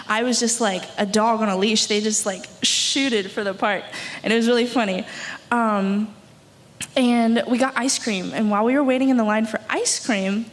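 Young woman rambling happily in church, lots of likes, bit of background hum. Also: mid-range voice. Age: young adult. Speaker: mission trip team member. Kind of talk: testimony at a church service. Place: church sanctuary.

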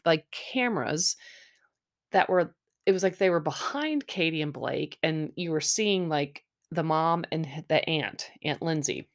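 Chatty young woman, low-pitched. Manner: chatty, sarcastic, mimics people in high voices. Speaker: podcast host recapping a reality dating show. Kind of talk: casual recap chat.

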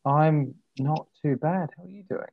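A man's voice: on the high side, normal speed, gravelly, dry recording. Aussie male guest, teasing banter, dull lo-fi call sound. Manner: playful joking banter. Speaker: podcast guest. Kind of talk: casual chat.

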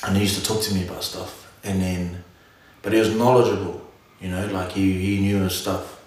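A man in casual chat, animated and slangy, often cutting himself off mid-thought. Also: low-pitched, moderate pace. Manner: animated, slangy, self-interrupting. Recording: echoey room.

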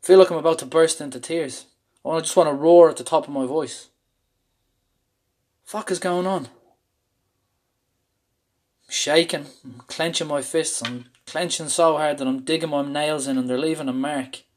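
A man's voice: a little high, fairly even intonation, a little fast, hardly any pauses. A man from Ireland telling a candid, intense story about a panic attack. He speaks openly and swears freely. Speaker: speaker sharing a personal story. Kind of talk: personal storytelling talk.

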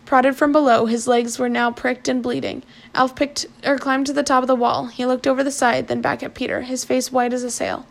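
High, gravelly-voiced woman reading a novel. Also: fairly quick, few pauses. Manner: plain, steady reading with small slips and restarts. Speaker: narrator.

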